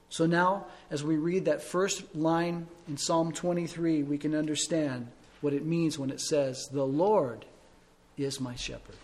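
A middle-aged man preaching a sermon as pastor and leading a closing prayer, earnest, dropping soft and low and then rising to loud emphasis.

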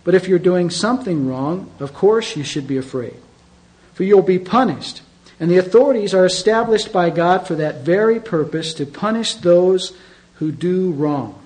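A man's voice: high-pitched, animated, moderate pace, darkish tone, rough recording. A middle-aged man preaching a sermon as pastor, conversational and emphatic, often asking his listeners questions.

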